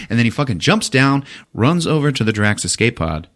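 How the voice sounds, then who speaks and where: A man hosting a podcast, retelling a movie in profane, animated casual chat. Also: medium pitch, brisk, few pauses. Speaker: podcast host.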